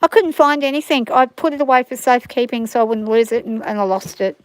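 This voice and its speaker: Her voice is a little high and quick, with no room sound and a rough recording. She's a middle-aged Australian bush woman casually rambling on a livestream, standing outside on her farm in the rain.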